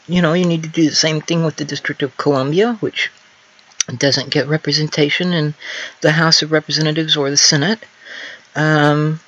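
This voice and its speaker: A man's voice: a little high, fairly bright tone, muffled recording. A man co-hosting a casual political chat, talking in a hesitant, wry way. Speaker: guest co-host.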